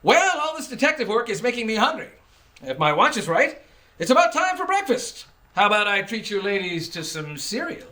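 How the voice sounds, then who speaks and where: An actor playing a cocky, pompous big-city detective hero in the style of a 1940s radio serial. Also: male voice, high-pitched, big pitch swings, brisk, sharp tone, full character voice. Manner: pompous, self-assured, earnest proclamations. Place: stage.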